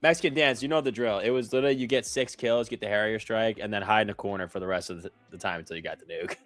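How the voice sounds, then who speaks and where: A young man with a low voice talks fast on a live trading stream, joking and swearing casually. The sound is dry and close, with faint music underneath. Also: fairly bright tone, no room sound. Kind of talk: casual chat.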